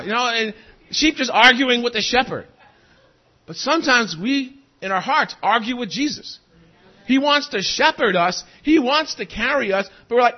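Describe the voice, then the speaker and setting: A male pastor preaching a sermon in an animated way, asking the congregation questions. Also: extremely high pitch, normal speed. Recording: dull lo-fi recording.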